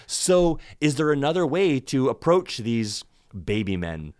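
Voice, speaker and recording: A man from Canada speaking as a podcast guest in casual conversation, animated and emphatic, swearing a lot. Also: medium pitch, measured pace, smooth, dry recording, clean studio sound.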